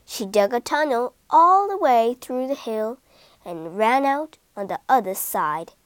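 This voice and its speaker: A woman reads a children's story in a high, lively voice that rises and falls a great deal. She takes her time over each line, and the close, dry sound leaves no trace of the room. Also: no room sound. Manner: slow, expressive reading. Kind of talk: scripted children's story narration.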